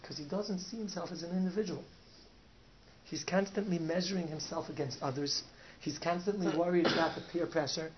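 Man, rabbi, Torah talk, fairly high voice, Yiddish and Hebrew words, dull lo-fi sound, faint hiss. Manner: sprinkles Yiddish and Hebrew words, swings from soft to loud. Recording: dull lo-fi recording with faint noise.

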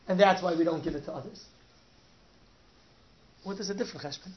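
A man, a rabbi, telling a story in a Torah talk, sprinkling in Yiddish and Hebrew words and swinging from soft to loud. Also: high voice, brisk, pauses often. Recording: dull lo-fi recording with faint noise.

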